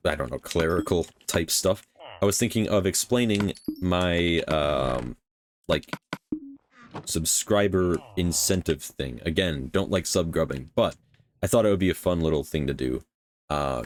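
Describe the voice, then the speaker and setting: Very deep-voiced man rambling over gameplay. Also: a little hiss or hum. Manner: rambling, hesitant, many fillers. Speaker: gaming channel host. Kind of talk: casual gameplay commentary.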